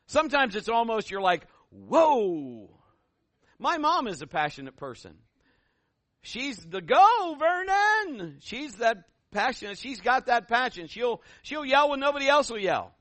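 A middle-aged male pastor tells homespun stories in his sermon. His voice sits high and lively. The sound is close and dry, with little room. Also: normal speed, no echo. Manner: animated, folksy storytelling.

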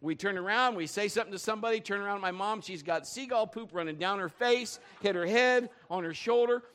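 A man's voice: high voice, fairly quick, a bit bright. A man preaching a sermon in a loose, conversational way, asking the congregation questions and telling funny stories. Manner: conversational, joking storyteller, asks the crowd questions. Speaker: pastor.

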